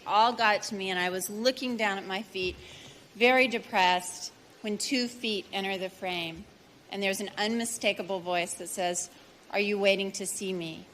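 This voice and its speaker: Woman with a mid-pitched voice, telling a comic story at a tribute dinner, slight broadcast hiss. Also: moderate pace, a bit bright, in a large hall. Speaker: actress giving a tribute. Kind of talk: comic anecdote from a stage.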